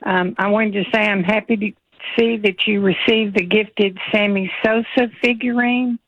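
A woman from Texas calling in to a radio show, chatting in a friendly, halting way with many fillers. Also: mid-range voice, steady tone. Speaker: radio caller. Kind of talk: casual call-in chat. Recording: dull phone-line sound.

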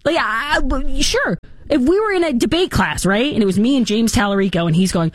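A woman in her thirties hosting an opinionated talk show, animated and mocking in her delivery. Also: a little high, fairly quick, no room sound, studio quality. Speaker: host.

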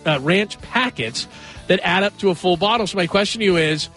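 A man's voice: high voice, brisk, a bit bright, faint music behind. A man hosting a sports radio show, chatting casually and rambling a little as he moves from one story to the next. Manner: chatty, rambling, eager to joke around.

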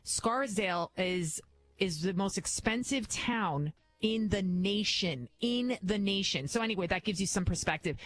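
A woman's voice: mid-range voice, animated, normal speed, fairly bright tone, slight background noise, poor audio. A middle-aged woman filling in as a talk radio host, delivering a blunt, emphatic, opinionated monologue. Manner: blunt and emphatic, acts out voices in anecdotes.

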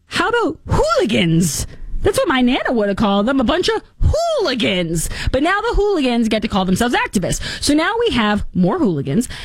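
A woman hosting a talk show, giving casual political commentary in a sarcastic, mocking and animated way. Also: high-pitched, fairly quick, hardly any pauses, no echo, studio quality.

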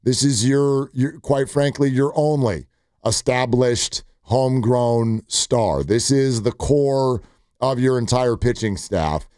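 A man hosts a sports talk radio show and tells animated stories full of quoted asides. His voice sits at a medium pitch and sounds close and dry on a studio microphone. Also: slow, no echo.

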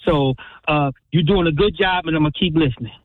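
A man's voice: on the high side, no room sound. Male radio caller on a phone line. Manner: warm, affirming, halting with restarts. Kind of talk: call-in talk radio.

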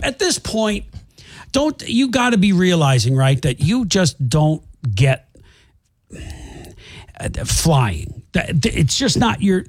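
A male radio co-host retelling a news story in casual chat, animated and indignant. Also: high-pitched, no echo, studio quality.

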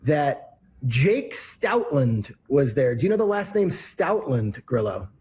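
A man hosting a podcast, chatting casually and telling stories with upbeat shout-outs before signing off. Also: mid-range voice, very animated, slow pace, breathy edge. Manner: chatty, storytelling, upbeat plugs. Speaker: podcast host. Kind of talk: casual podcast chat and sign-off.

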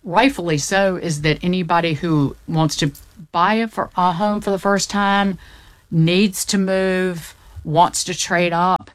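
A woman's voice: fairly low pitch, unhurried, dry recording. A woman from the Southern United States explaining the economy in casual chat, packed with figures, often restarting mid-sentence. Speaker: economics commentator.

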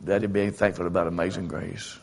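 A man's voice: low voice, little pitch movement. A man preaches a sermon as a traveling evangelist. He tells homespun stories in a folksy, plain-spoken way. He stumbles over fillers and repeats phrases as he goes. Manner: folksy, storytelling, repeats himself with halting fillers.

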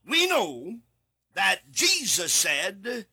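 A man preaching a sermon alone in a studio, reading scripture and repeating key words with sudden shouted emphasis. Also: high voice, huge pitch swings, extremely slow, husky.

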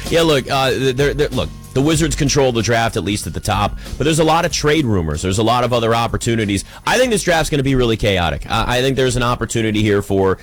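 A man's voice: medium pitch, expressive, fast talker, few pauses, soft background music. A man hosting a sports radio show, talking casually and rambling, often restarting his sentences while he fights off allergies and an oncoming sneeze. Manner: rambling, chatty, self-interrupting.

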